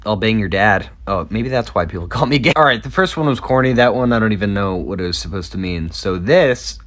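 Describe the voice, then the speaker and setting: A man in his twenties giving a casual, self-deprecating comedic monologue as a TikTok creator, rambling with quick asides. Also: on the low side, lively intonation, a bit bright. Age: 20s.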